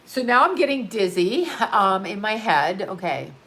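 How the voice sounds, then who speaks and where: Yawning and worn out, an astrologer hosts a casual livestream from her home studio, reading viewer comments and answering as they pop up, rambling from thought to thought with blunt talk and ready swearing. Her medium-pitched voice is very animated and a bit bright, with a slight hiss or hum in the audio.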